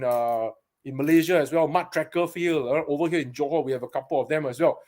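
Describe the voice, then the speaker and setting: A man from Singapore with a Singaporean English accent, hosting a casual live stream from a paintball shop, chatty and greeting viewers by name. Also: fairly high pitch.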